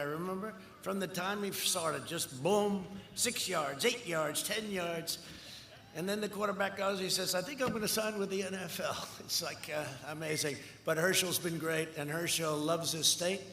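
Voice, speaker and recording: Echoing across a big outdoor rally, a man in his seventies delivers a campaign speech that wanders and repeats, full of boasts and back-and-forth with the audience. His voice is high, pushed and bright, and the cheering crowd is audible throughout.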